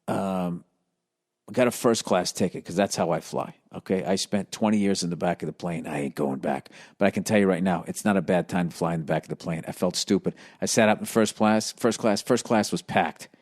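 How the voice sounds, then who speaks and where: A man's voice: deep voice, moderate pace. A middle-aged man hosting a comedy podcast, telling a rambling, profane story that works up into heated ranting. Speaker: podcast host.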